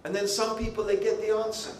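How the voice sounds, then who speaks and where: High-voiced male preacher, animated and chatty; echoey hall. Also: quick pace. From United Kingdom. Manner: animated, conversational, frequent asides. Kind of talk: lively youth sermon. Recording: echoey hall, faint ambient noise.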